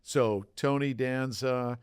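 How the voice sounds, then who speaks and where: Middle-aged man, podcast co-host, mid pitch, dry sound, rambling anecdotes. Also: steady tone, takes it slowly, clean tone, no echo. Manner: rambling anecdotes, lists names. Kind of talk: casual podcast chat.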